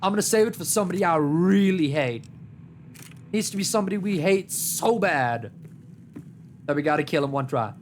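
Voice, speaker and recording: Animated male streamer with lively pitch. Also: normal speed, long pauses, a little hiss or hum. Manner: animated, joking trash talk at enemies, big pitch swings. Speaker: gaming streamer. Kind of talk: live gameplay commentary.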